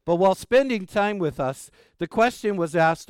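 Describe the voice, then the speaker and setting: Man preaching, middle-aged pastor, fairly high voice, dry close sound, folksy storytelling. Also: moderate pace, smooth, dry recording. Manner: folksy, animated storytelling with jokes; gentle, soft-spoken prayer. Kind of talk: Easter sermon.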